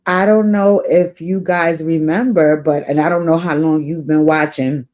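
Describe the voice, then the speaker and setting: A woman's voice: low-pitched, fairly even intonation, moderate pace, a little mellow, lo-fi sound. A woman hosting an advice show off camera, answering a viewer's letter in casual spoken advice. She is earnest and encouraging, with a spiritual bent, and repeats key lines for emphasis. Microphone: off camera, voice only.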